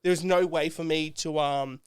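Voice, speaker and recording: A man's voice: fairly high pitch, fairly even intonation, unhurried, clear, resonant tone, dry recording, studio quality. A man co-hosting a podcast, chatting casually and retelling a show in a profane, rambling way with lots of filler words. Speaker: podcast co-host. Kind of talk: casual chat.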